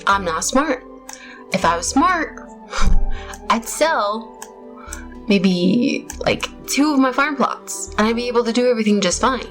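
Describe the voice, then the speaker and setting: A woman's voice: fairly high pitch, lively intonation, a little slow, a bit bright, low-quality recording. A young woman hosting her gaming channel, talking casually and rambling through her gameplay with self-mocking laughs. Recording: faint music behind voice.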